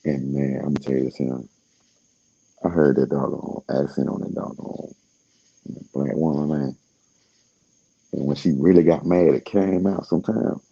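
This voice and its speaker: A man with an extremely deep, dark voice talks in a loose, rambling monologue. His tone is gravelly and husky, and he is laid-back and slangy, often trailing off into fillers. The recording sounds dull and lo-fi. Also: steady tone, moderate pace, long pauses.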